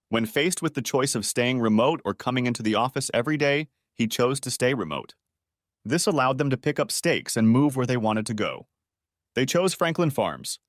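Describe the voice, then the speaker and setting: A man's voice: mid-range voice, no room sound, clean studio sound. A man narrating a first-person story as an audiobook narrator.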